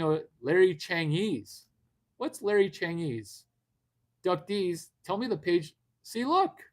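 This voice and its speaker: A man hosting a live video stream, talking brashly and rambling at his viewers with a lot of swearing. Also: fairly high pitch. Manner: brash, profane, rambling, addresses viewers directly. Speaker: livestream host. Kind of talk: unscripted livestream talk.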